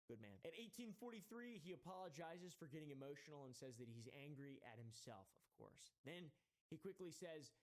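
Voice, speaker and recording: A man's voice: on the high side, lively intonation, a little fast. A man narrating a commentary video, walking through timestamps in a dry, sardonic way.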